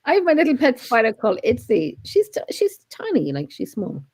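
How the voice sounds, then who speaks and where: A woman's voice: fairly high pitch, wildly swooping pitch, a little fast, a little mellow, no echo, studio quality. A woman co-hosting, telling a funny story with lots of giggles. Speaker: co-host. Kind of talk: casual chat.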